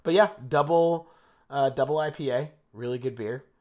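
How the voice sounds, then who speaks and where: A man's voice: mid-range voice, normal speed, darkish tone. Young jersey guy rambling on a podcast, lots of likes and um, restarts mid sentence. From New Jersey. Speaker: podcast co-host. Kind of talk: casual chat.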